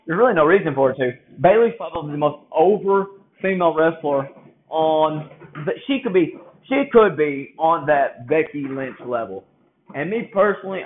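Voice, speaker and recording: Guy ranting about wrestling, kinda high voice, sounds like a cheap phone mic. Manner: rambling, blunt, restarts sentences often. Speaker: wrestling commentator giving predictions. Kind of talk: casual opinion monologue. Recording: tinny phone-like audio.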